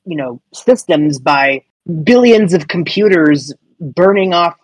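A man's voice: fairly high pitch, lively intonation, takes it slowly, no echo, poor audio. A man co-hosting a casual podcast, musing in a hesitant, wry way with many restarts. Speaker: podcast co-host.

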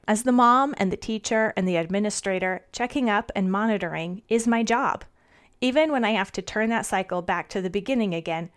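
A woman's voice: medium pitch, fairly bright tone. Earnest woman homeschool podcast host. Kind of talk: reading an audio blog.

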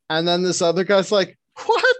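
A man co-hosting a podcast, telling work stories in a casual, animated way, laughing and swearing often. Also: fairly high pitch, moderate pace, dry recording. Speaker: podcast co-host.

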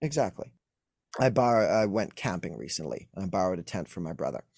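A man's voice: low voice, sing-song, fairly quick, vocal fry, darkish tone, husky, no echo, clean studio sound. A young adult man, an emotional wellness coach, explaining earnestly as a guest in an interview. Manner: earnest, explanatory, acts out quoted dialogue.

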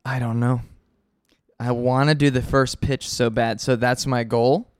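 An odd, earnest young man obsessed with baseball and hacking, as a man plays him, speaking in halting deadpan. His voice is smooth and resonant, at middling pitch, with a dry close sound. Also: no room sound, close to an everyday voice. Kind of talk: improvised comedy podcast.

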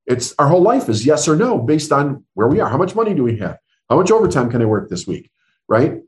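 A man's voice: medium pitch, darkish tone. A middle-aged man, a business coach being interviewed, telling stories earnestly and acting out the dialogue he quotes. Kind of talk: storytelling interview answers.

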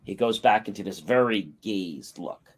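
A man's voice: medium pitch, moderate pace. A man co-hosting a talk show, telling a long personal story and acting out the quotes. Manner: animated anecdote with acted-out quotes. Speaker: podcast co-host. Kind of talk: casual storytelling.

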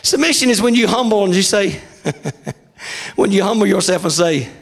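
Gravelly preacher shouting a sermon. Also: male voice, high-pitched, expressive, normal speed. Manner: shouting, sing-song preaching cadence. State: voice wearing out. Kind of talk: revival sermon.

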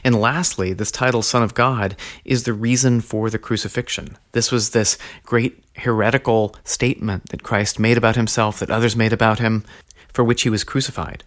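A man hosting a teaching podcast, speaking in a measured, earnest way and slowing down to stress key phrases. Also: on the low side, little pitch movement, a bit bright. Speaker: podcast host teaching on early Christianity.

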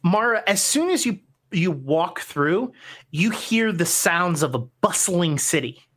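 A woman narrating a tabletop role-playing game as game master, in a relaxed, meandering way with frequent fillers. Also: lowish voice, unhurried.

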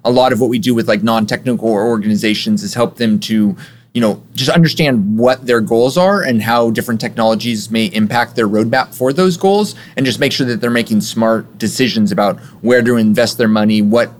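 A man who runs a software agency, answering interview questions in a relaxed, explanatory way with frequent fillers. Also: medium pitch, a little fast. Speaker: guest, software agency owner.

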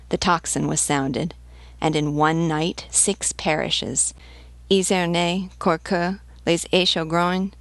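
Dutiful peasant lieutenant in an audiobook, read by a woman, low gravelly voice. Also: dry recording. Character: loyal eager male peasant rebel leader.

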